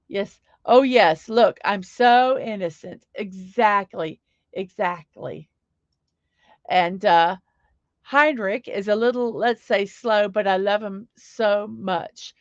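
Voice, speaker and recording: A woman's voice: mid-range voice, dry recording. Woman, livestream host, chatty and upbeat, middle-aged, slightly muffled dry recording. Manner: chatty, upbeat, reads chat aloud. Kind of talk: casual livestream chat.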